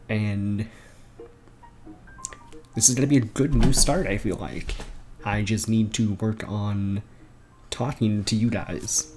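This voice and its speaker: A young man rambling excitedly about video games in a casual home vlog, laughing often and swearing casually. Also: lowish voice. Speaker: gaming vlogger. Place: bedroom at home.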